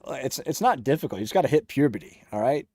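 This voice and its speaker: Joking man with a dark, dry voice. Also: medium pitch, very animated, fast talker, breathy edge, no echo. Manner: joking, teasing viewers, laughs often. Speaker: livestream host reading chat. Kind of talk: casual livestream chat.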